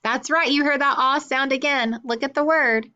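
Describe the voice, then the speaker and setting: A woman teaching a phonics lesson to young children, sounding out words clearly and praising answers. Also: high-pitched, steady tone, moderate pace, bright, forceful tone, dull audio.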